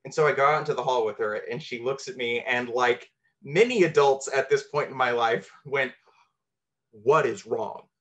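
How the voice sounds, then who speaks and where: A man's voice: medium pitch, brisk, fairly bright tone. A man telling a true, personal story from his teenage years, earnest and candid with a self-deprecating edge.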